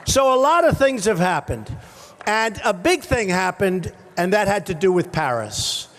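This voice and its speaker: A man, a political candidate, giving a rambling, repetitive rally speech on a stage microphone in short punchy phrases, often shouting to the crowd. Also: high-pitched, sing-song, a little slow. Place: large rally venue with a crowd.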